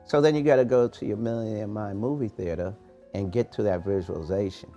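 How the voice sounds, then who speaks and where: A man hosting a morning podcast, giving a preachy, animated motivational talk in street-casual phrasing. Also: fairly low pitch, fairly quick, dull audio, soft background music. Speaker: podcast host, motivational coach.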